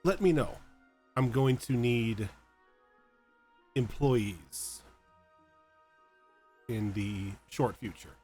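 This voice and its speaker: A calm, commanding man speaks in a deep, unhurried voice, as a player puts him on during a tabletop game. Every word is slow and measured. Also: faint music behind. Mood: solemn. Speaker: player character.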